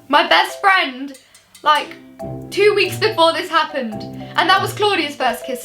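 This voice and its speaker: A woman's voice: high voice, a bit bright. A young woman chatting through a personal story for her vlog, rambling and full of "like" fillers. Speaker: vlogger. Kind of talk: casual storytime. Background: background music.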